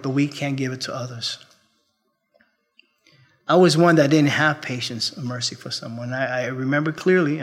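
A male pastor preaching a sermon, earnest, moving between raised appeals and quiet storytelling. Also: on the high side. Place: church.

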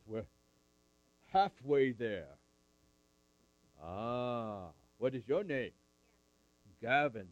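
A man's voice: medium pitch, lively intonation, very slow, long pauses, no echo, highs cut off. A man at a camp meeting, telling a Bible story in character in the first person and calling up audience volunteers. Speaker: camp speaker.

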